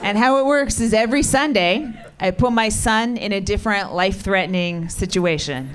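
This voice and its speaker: A woman's voice: medium pitch, moderate pace, slight background noise. A middle-aged woman comedian performing a stand-up set with crowd work on a club stage, talking in a dry, profane, teasing way. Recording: live club set with audience laughter. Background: audience laughing.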